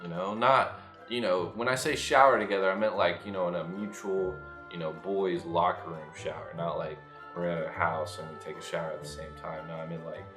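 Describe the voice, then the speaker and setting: A young man telling a casual, profane dream story, jumping into loud high-pitched impressions. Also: fairly even intonation, fairly quick. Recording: echoey room with faint music.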